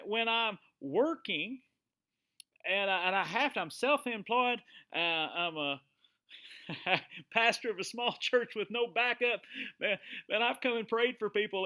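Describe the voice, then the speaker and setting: Guy pastor preaching casual, high bright voice, lots of you-knows and questions to the folks. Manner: personal storytelling with frequent questions to listeners; folksy, with many fillers like "you know". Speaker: pastor of a small church. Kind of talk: conversational live-streamed sermon.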